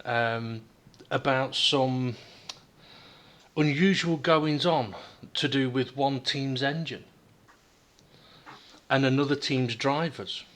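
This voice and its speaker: A man from the UK hosting a casual podcast chat over a call, hesitant with many ums and quick laughs. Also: medium pitch, fairly bright tone. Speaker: podcast host.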